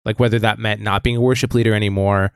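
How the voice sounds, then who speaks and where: A man's voice: fairly low pitch, flat delivery, fast talker, clean tone, no echo, clean studio sound. A man co-hosting a podcast in casual chat, upbeat and supportive, laughing often and saying "like" a lot. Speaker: podcast co-host.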